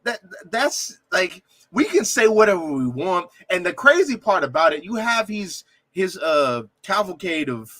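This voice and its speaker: A man with a high, very lively voice talks in quick indignant bursts, breaking into laughter and tripping over his restarts. His tone is bright and sharp. The recording is dry and close, with no room sound. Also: no echo. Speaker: reaction video host. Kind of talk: animated commentary on a debate clip.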